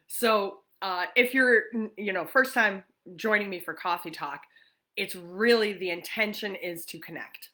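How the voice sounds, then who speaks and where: A chatty woman from New York hosts a relaxed morning livestream, greeting viewers by name as they arrive. Her voice has a bright, forceful edge, sitting at an ordinary middle pitch. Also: unhurried. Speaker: livestream host. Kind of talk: casual livestream chat.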